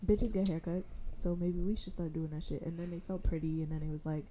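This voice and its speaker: A woman telling stories in a casual group chat, laughing often and talking in an animated way. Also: fairly low pitch, fairly quick, noisy background.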